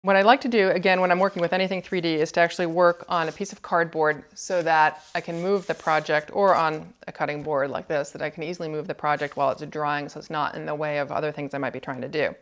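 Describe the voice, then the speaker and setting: A woman teaching cookie decorating, calmly explaining each step while she works. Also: deep voice, fast talker, few pauses. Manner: calm, explanatory, thinking aloud while working. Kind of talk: step-by-step demonstration.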